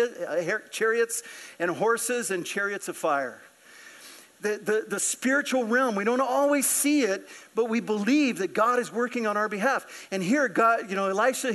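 A man preaching a sermon in a church, animated and acting out scripture characters. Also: sits high. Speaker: pastor. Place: church sanctuary.

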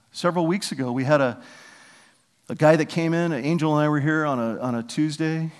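A man preaching a sermon as pastor, telling stories in a conversational way and acting out what people said. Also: fairly high pitch. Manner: conversational storytelling, acting out quotes. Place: church sanctuary. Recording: long reverb of a large hall.

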